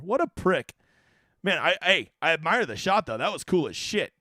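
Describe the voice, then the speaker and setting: A man's voice: high voice, big pitch swings, moderate pace, bright, forceful tone, no room sound, clean studio sound. A man hosting a live stream on fantasy golf, joking and swearing as he reads viewer questions. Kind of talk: casual live-stream chat.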